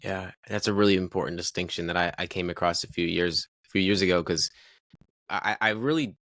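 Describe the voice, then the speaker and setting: Male podcast host, very deep, dry studio sound, thoughtful and a bit halting. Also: fairly bright tone, no echo. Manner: thoughtful, slightly halting, repeats words. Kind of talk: interview conversation.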